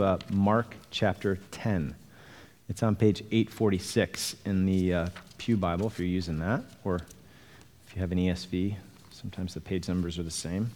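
A man's voice: on the low side, darkish tone. Man preaching in a reverberant hall. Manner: earnest, explains scripture verse by verse. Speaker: pastor. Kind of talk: expository sermon.

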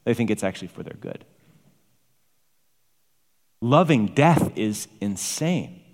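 A man's voice: on the low side, animated, slow pace, a little mellow. A man preaching a sermon with emphatic, varied delivery, rising to exclamations. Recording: long hall reverb.

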